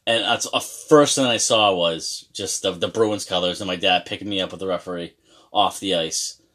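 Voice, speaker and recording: A man in his mid-thirties tells an old story in a loose, conversational way. His voice sits a little low, and he swears freely, often restarting sentences. He is from Massachusetts. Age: 30s. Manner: profane, animated storyteller with restarts. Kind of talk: casual storytelling.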